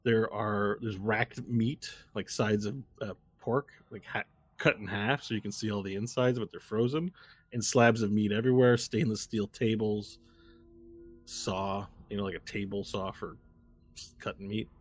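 A man's voice: on the low side, fairly even intonation, normal speed, slightly rough. A man narrating as game master of a tabletop game, describing scenes in a loose, rambling way with restarts.

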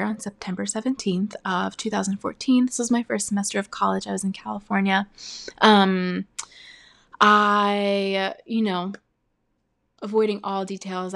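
A young woman recounts her personal testimony of faith, speaking earnestly and haltingly, with frequent pauses and "like". Her voice sits at a middling pitch with a noticeable gravelly fry in it.

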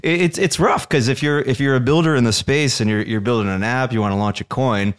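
A man's voice: medium pitch, a little fast, clear, resonant tone. A man co-hosting a casual podcast as the crypto expert, ranting with many stammered restarts.

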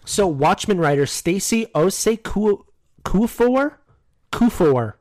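Laughing American man, lively pitch. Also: takes it slowly, dry recording, rough recording. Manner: joking, laughs often. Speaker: podcast co-host. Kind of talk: casual chat.

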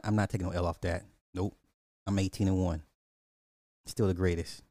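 A man's voice: lowish voice, a little mellow, no room sound, clean studio sound. A man hosting a casual live podcast, rambling through movie box office talk and answering chat comments with frequent restarts.

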